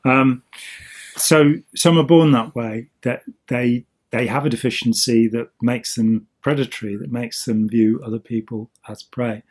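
Male co-host, husky voice, loose rambling explainer, casual chat. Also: mid-range voice, steady tone, measured pace. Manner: rambling, with many ums and restarts. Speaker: podcast co-host.

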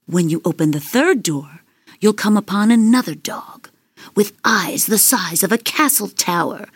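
A woman voicing a scheming old witch in a storybook reading, speaking in a hushed, whispery coaxing way. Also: medium pitch, slightly rough, no room sound, clean studio sound, full character voice.

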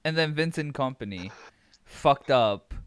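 A young man from Abu Dhabi tells a lively, expletive-laden story in casual podcast chat. His voice is smooth and resonant, and his pitch leaps up when he gets carried away. The recording is dry and close. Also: a little slow, dry recording. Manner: animated, swearing, laughs while telling stories.

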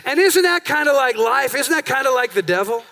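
A man preaching a sermon as pastor in a church, telling stories and jokes in an animated way. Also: very high voice, fairly quick, gravelly. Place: church sanctuary.

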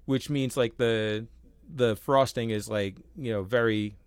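A young man co-hosting a casual podcast, telling stories with animated quoted voices and casual swearing. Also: medium pitch, a little slow, smooth, no echo. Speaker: podcast co-host.

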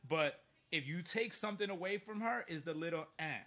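Bright, animated man telling a story. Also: fairly high pitch, fairly quick. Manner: animated, profane, laughs through his stories. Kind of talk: casual storytelling chat.

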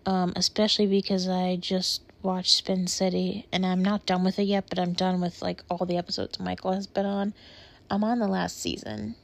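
A young vlogger talks casually to her camera, rambling with lots of "like"s and close to tears. Her fairly low voice has vocal fry and little pitch movement, at a normal speed.

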